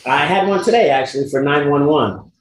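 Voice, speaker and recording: A man's voice: fairly high pitch, a little fast, roomy sound, a little hiss or hum, poor audio. A man guesting in a casual chat, talking animatedly and laughing often. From England. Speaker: guest actor.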